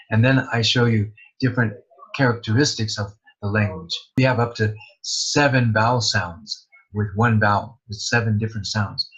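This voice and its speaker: A man's voice: fairly low pitch, fairly bright tone, breathy edge. A man, an English pronunciation teacher, promoting his course in a plain-spoken, step-by-step way. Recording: dull lo-fi recording.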